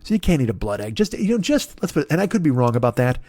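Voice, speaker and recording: A man in his forties hosting a solo comedy podcast, ranting in a profane, animated monologue and laughing at his own jokes. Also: mid-range voice, fast talker, dry recording. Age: 40s. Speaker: podcast host.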